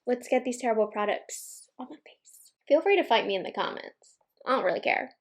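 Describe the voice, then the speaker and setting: A woman's voice: fairly high pitch, animated, normal speed. A young woman vlogger, pregnant and a little out of breath, giving candid, opinionated makeup reviews at her table at home. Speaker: beauty vlogger. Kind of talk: casual makeup review vlog.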